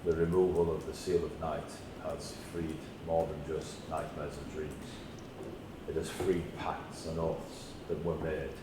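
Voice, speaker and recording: A man voicing a solemn, caring older quartermaster in a tabletop game, halting and quiet. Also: extremely low pitch, level tone. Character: aging loyal male quartermaster, solemn and caring. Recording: echoey room, mic far off, noisy.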